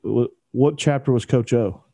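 A man's voice: mid-range voice, moderate pace, vocal fry, dark tone, no echo. A man co-hosting a sports podcast, joking and bantering playfully with his co-hosts. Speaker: podcast co-host. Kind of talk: casual sports podcast chat.

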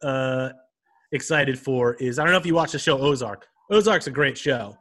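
A man co-hosts a podcast in a laid-back, wry chat. His voice is bright and lively in pitch, and he tells his stories at an easy pace. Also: normal speed. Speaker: podcast co-host. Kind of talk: casual chat.

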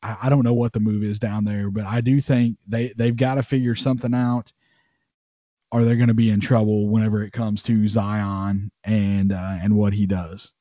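A man with a mellow, mid-pitched voice talks through a sports podcast in a halting way, with plenty of "you know." The audio is dry and a bit muffled. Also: level tone, no room sound. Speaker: podcast co-host. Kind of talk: casual sports podcast chat.

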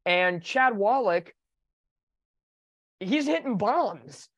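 A man hosting a sports podcast, talking in an animated, opinionated way in casual chat. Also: high voice, extremely slow, no echo. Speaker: podcast host.

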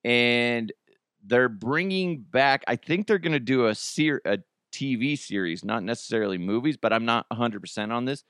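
A man hosting a casual podcast, talking at a middle pitch in a rambling, animated way. He jumps up high when he quotes himself. The sound is dry and close. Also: moderate pace, clean tone, no room sound. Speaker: podcast host. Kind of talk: casual chat.

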